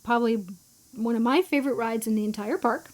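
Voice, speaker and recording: A woman co-hosting a theme park podcast in casual chat, chatty and quick to agree with her partner. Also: a little high, fairly even intonation. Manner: chatty, agreeing with short fillers. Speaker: podcast co-host.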